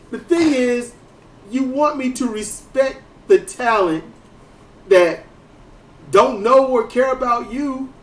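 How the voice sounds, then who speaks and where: Man, wrestling podcast host, casual, swears, echoey room. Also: very high voice. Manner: animated storyteller, swears, restarts sentences. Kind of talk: casual commentary chat. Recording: roomy, distant mic.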